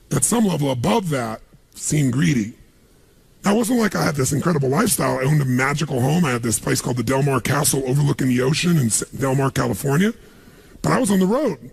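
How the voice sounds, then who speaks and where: A middle-aged man giving an energetic motivational seminar speech, punchy and questioning the crowd. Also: a little high. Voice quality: gravelly, husky. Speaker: motivational speaker. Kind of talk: live seminar speech to an audience.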